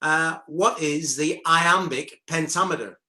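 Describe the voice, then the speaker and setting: A man co-presents with relaxed banter and reads questions out with small hesitations. His voice is bright and a bit high for a man, and it echoes in a roomy space. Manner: jokey, relaxed, a little halting. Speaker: co-presenter reading viewer questions. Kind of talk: casual chat. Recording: roomy echo.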